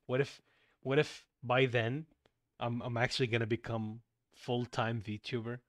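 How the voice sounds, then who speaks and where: A man's voice: medium pitch, flat delivery, no room sound, clean studio sound. A young man streaming as a VTuber, chatting casually while playing a game with a friend. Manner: chatty, quick shifts between loud and soft. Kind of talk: casual gaming chat.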